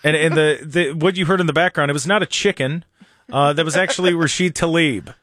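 A man's voice: on the high side, brisk, a bit bright, no echo. A man hosting a radio show in the studio, chatting casually in a jokey, rambling way with many restarts. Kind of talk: casual talk radio banter. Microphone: studio microphone.

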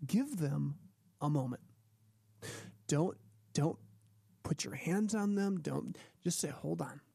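A man hosting a podcast, giving earnest parenting advice and acting out calm lines a parent might say. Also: on the high side, takes it slowly, vocal fry, breathy edge, dry recording, studio quality. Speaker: podcast host.

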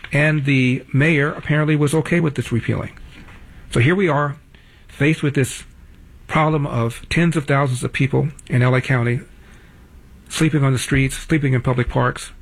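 A man's voice: mid-range voice, gravelly, breathy edge. A man in his seventies hosting a talk show, delivering a blunt, opinionated monologue in a studio and repeating his points for emphasis. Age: 70s.

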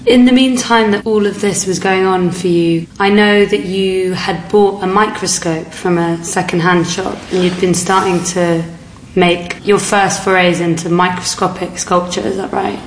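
A woman interviewer gently prompting her guest with questions. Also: mid-range voice, steady tone, moderate pace, a little hiss or hum. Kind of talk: conversational interview. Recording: roomy echo.

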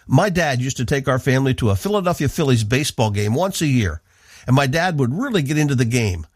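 A man's voice: medium pitch, sing-song, quick pace, husky, no echo. A man from the northeastern United States, a radio Bible teacher giving an earnest, emphatic devotional talk into a studio microphone.

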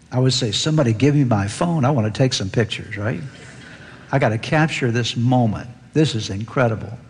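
A man preaching an earnest sermon as pastor, lifting his voice when he reads scripture aloud. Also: breathy edge. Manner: earnest, rises in pitch reading scripture aloud. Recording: long hall reverb.

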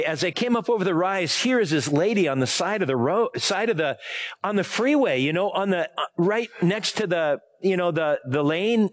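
Pastor guy preaching, rambly, lots of "you know", slightly higher voice. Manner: rambling, chatty, many fillers and self-corrections. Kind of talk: casual sermon with personal story.

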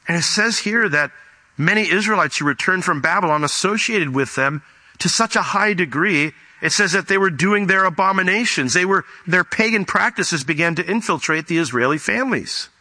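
A man's voice: on the high side, bright, forceful tone. A man preaching a sermon, reading scripture aloud and explaining it verse by verse. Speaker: pastor.

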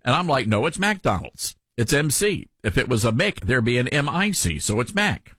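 A man with a light Tennessee Southern accent hosting a talk radio show, folksy and animated in his commentary. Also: medium pitch, a little fast, husky, no echo.

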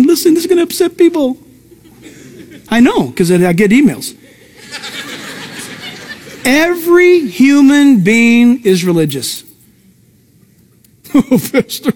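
A male pastor preaching a sermon with emphatic pitch jumps, breaking into conversational asides to the congregation. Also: a little mellow.

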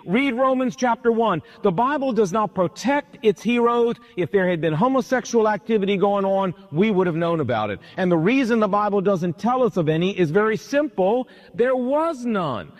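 A man's voice: high voice, long reverb tail. A man preaching a sermon as pastor, with an emphatic, repetitive cadence.

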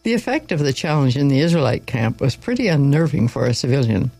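Guy reading a bible story, kinda loose with slips, gravelly voice, dry close sound, faint music. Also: mid-range voice, big pitch swings, quick pace, darkish tone, no echo, poor audio. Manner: informal, with slips and asides.

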